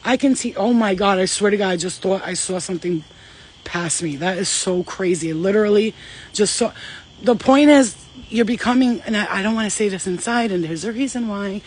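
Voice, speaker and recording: A woman's voice: medium pitch, moderate pace, a little mellow, husky. A woman speaking as a spiritual medium in a casual channeling vlog, rambling, emphatic and swearing freely.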